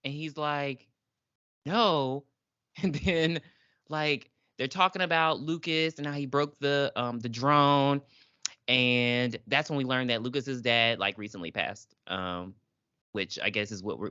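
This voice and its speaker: A woman's voice: very deep voice, a little slow, fairly bright tone, no echo, muffled recording. A woman co-hosting a podcast in casual review chat, talking with lots of fillers and acting out characters' lines. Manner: chatty, filler-heavy, acts out characters' lines. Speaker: podcast co-host.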